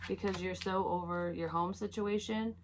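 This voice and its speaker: A woman's voice: medium pitch, fairly even intonation, normal speed, slight background noise. A woman giving a casual tarot reading, chatty, swearing freely and laughing at herself. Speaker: psychic tarot reader.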